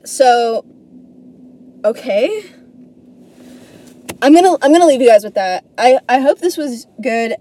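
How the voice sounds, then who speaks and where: A woman's voice: fairly high pitch, expressive, unhurried, long pauses, warm tone. A young woman hosting a solo podcast, rambling casually, swearing freely and stumbling over her words in a self-deprecating way. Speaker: podcast host.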